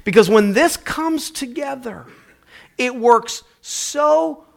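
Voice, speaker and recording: A man's voice: very high voice, expressive, takes it slowly, creaky. A man preaching a sermon, telling a personal story in a conversational, emphatic way. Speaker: pastor.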